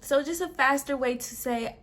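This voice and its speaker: A woman's voice: high-pitched, normal speed, fairly bright tone, a little hiss or hum. A woman in her twenties hosting a show, giving a casual, slangy spiritual pep talk and leading a guided meditation with frequent laughter. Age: 20s. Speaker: host.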